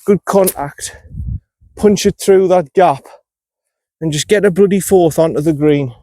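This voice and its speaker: A man's voice: a little high, a little slow, mellow, no echo. A man, vlogging his golf round outdoors, talking himself through each shot and getting annoyed at his own play. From North East England. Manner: frustrated, self-critical, talks himself through shots. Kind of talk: on-course golf commentary.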